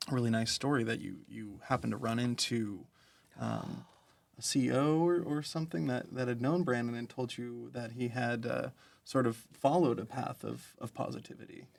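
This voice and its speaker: A man co-hosting an interview, halting and repeating words as he thinks. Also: mid-range voice, vocal fry. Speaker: co-host. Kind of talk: casual interview chat.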